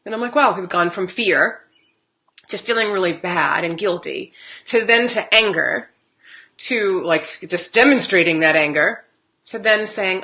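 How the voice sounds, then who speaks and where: Female spiritual card reader, live-stream host; bright tone, casual and animated, laughs easily. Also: medium pitch, measured pace. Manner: chatty, animated storytelling with laughs. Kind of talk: live-stream chat with viewers.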